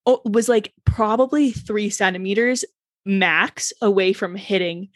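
A woman co-hosting a casual podcast, telling animated stories and laughing often. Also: medium pitch, measured pace, no echo, clean studio sound. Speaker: podcast co-host. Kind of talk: casual chat. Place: New York area.

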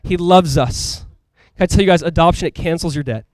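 Male pastor, fairly high voice, rapid, chatty and emphatic sermon delivery, dry sound. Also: a little mellow, no echo. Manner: casual, conversational preaching with frequent asides.

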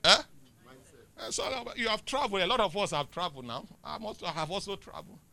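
Emphatic Nigerian preacher, high bright voice. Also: male voice, animated, fast, gravelly. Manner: emphatic, swings between loud declarations and quiet asides. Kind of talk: sermon.

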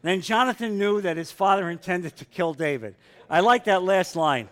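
A man in middle age leads a Bible study group, reading scripture aloud in a slightly high voice. Between verses he drops into casual, joking commentary for the group. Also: animated, a little slow. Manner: reads aloud then breaks off with casual asides and humor.

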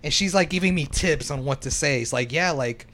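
Young man, casual chat, rambling storyteller, swears a lot, bright, slightly high voice. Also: a little fast. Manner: rambling, profane storytelling full of "like". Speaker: storyteller among friends.

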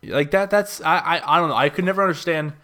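A man's voice: on the high side, fast, sharp tone. A young man from Canada, co-hosting a casual podcast chat, telling stories in a laid-back, rambling way.

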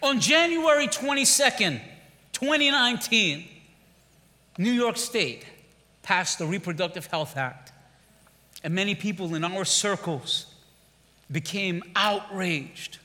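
A man's voice: high voice, animated, slow pace, pauses often, pushed and bright. A man preaching a sermon as pastor, rousing his congregation with repeated refrains and calls to respond, in a large church. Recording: long church hall reverb.

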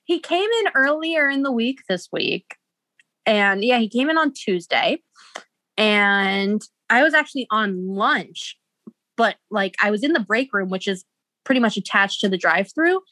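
A young woman co-hosting a podcast tells a story in a bubbly, giggly way, full of "like" fillers. Her mid-range voice is animated, unhurried, pushed and bright, with no echo, in casual storytelling chat.

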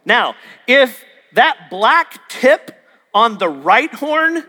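A man preaches a sermon full of stories, acting out the dialogue and adding jokey asides. His bright, ringing voice sits high, swings widely in pitch, and has a sing-song quality, delivered extremely slowly. A long reverb from a large hall carries his words.

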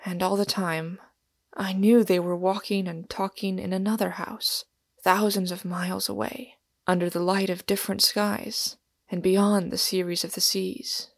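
A woman voicing a solemn, weary male pilgrim in an audiobook reading, speaking gravely and often half-whispering. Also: medium pitch, level tone, unhurried, no room sound. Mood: sorrowful.

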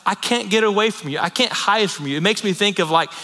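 Bright-voiced male pastor in reverberant hall. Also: high voice, quick pace, faint music behind. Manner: conversational, storytelling with asides and laughs. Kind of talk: sermon. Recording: long reverb in a large hall.

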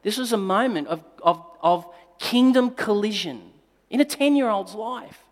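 A male pastor telling a personal story in a sermon, moving between forceful emphasis and quiet, tender passages. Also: high voice, animated, unhurried. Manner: dynamic storytelling, swinging between loud emphasis and hushed, tender delivery. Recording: long reverb of a large hall.

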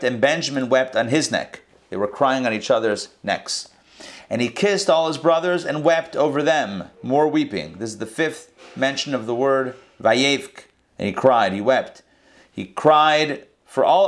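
A man teaching a scripture lesson verse by verse, in a conversational way with quick asides and restarts. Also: mid-range voice, lively intonation. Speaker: Torah teacher. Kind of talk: casual verse-by-verse Bible lesson.

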